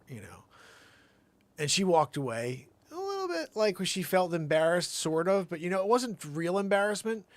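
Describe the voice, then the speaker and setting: Male comedy host, gravelly, animated pitch, rambling tall-tale monologue. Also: dry recording. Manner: animated storytelling, swinging between shouts and mutters.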